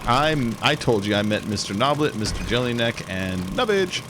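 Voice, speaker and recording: A man's voice: lively intonation, normal speed. A man chatting casually while playing a game, laughing as he retells comedy bits. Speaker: gameplay streamer. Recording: noisy with engine rumble.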